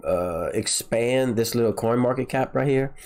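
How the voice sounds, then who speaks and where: Man, nasal and stuffed up, average pitch, rambling casual livestream talk, repeats words. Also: normal speed, darkish tone. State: nasal and congested from a sinus infection. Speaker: crypto livestream host.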